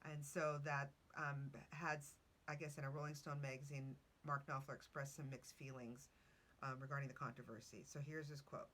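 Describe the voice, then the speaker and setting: A woman's voice: extremely low pitch, flat delivery, moderate pace, fairly bright tone, a little hiss or hum. A woman hosting a podcast, chatting casually through her notes with asides and self-corrections. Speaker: podcast host.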